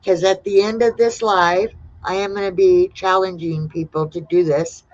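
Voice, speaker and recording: A woman hosting a casual livestream, reading out viewers' answers one by one in a relaxed way. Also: on the low side, moderate pace. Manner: relaxed, reads out chat replies one by one. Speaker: livestream host. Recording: dull lo-fi sound.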